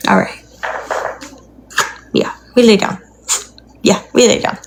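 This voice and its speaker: A young woman chatting on a phone livestream from her apartment. She rambles in a loose, unscripted way and slips into cooing baby-talk for her dog. Her voice sits at an ordinary middle pitch over a faint background hiss. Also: fairly even intonation, takes it slowly, creaky. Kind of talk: casual livestream chat.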